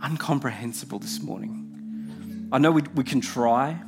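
A man's voice: medium pitch, a little slow, music in the background. Earnest preacher man. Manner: earnest, heartfelt preaching with repeated phrases. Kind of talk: sermon.

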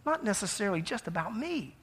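A man preaching a sermon, telling a personal story in a conversational, animated way with self-deprecating laughs. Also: high-pitched, quick pace, husky. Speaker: pastor.

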